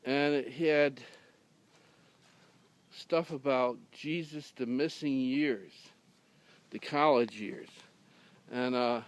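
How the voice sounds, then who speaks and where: A man with a mid-range voice tells a rambling, humorous story at a slow pace with long pauses. His delivery is dry and casual, deadpan, full of fillers and restarts.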